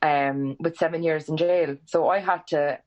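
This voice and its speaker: The audio is dull as a woman from Ireland, in her twenties, tells a story as a guest on a casual podcast. She talks a little slowly, swears without restraint, and acts out what people said with dramatic swings in pitch, keeping it animated throughout.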